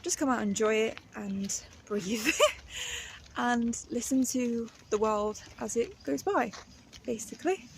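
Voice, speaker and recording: A woman, chatting casually in her vlog and laughing often as she talks herself calm. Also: a little high, vocal fry, slight background noise. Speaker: artist vlogger. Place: outdoors on a walk, then at home.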